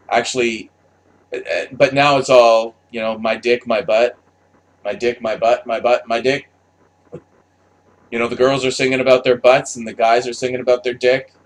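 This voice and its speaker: A man talking straight to camera in a loose, unscripted monologue. His voice sits at an ordinary middle pitch. He is blunt and profane and often restarts his sentences. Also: a bit bright. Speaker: commentator.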